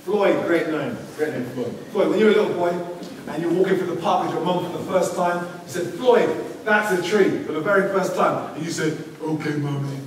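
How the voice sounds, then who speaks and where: A man's voice: fairly high pitch, fairly quick. Poet man in an echoey school hall. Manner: rhythmic spoken-word delivery, playful banter with pupils. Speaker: visiting poet. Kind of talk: school visit poetry performance and Q&A. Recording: echoey hall from far off, noisy.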